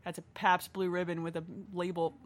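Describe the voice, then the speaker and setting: A woman's voice: lowish voice, monotone, a little fast. A woman riffing sarcastically on a movie in casual chat, swearing and laughing often. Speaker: movie commentator.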